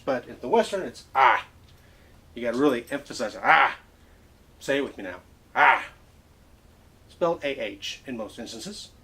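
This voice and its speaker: A man's voice: mid-range voice, breathy edge. A man hosting a comedic mock lesson, playing a professor in a theatrical, lecturing way.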